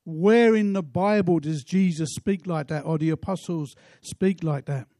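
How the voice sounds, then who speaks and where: A pastor preaching a sermon in an earnest way, asking rhetorical questions. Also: male voice, a little high, measured pace, dark tone, dry recording, studio quality.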